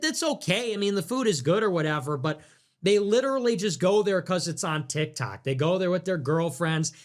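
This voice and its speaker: A man's voice: high voice, vocal fry, fairly bright tone. Crude, ranting young man streamer. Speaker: livestream host. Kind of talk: casual livestream chat.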